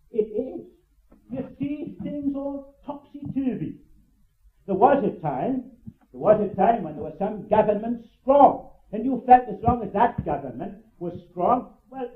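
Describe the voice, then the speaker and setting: Older preacher on a tinny echoing tape. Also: male voice. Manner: fervent, swings between loud urgent cries and low hushed asides; repeats phrases for emphasis. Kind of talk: evangelistic sermon. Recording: tinny, echoey old sermon tape.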